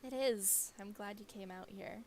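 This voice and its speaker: An upbeat young woman, a cryptid hunter in a game, talks warmly and casually to a companion on the trail. A woman voices her close to her own speaking voice, in an easy, conversational read. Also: medium pitch, moderate pace, soft background music, lightly acted. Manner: friendly, easygoing line reading.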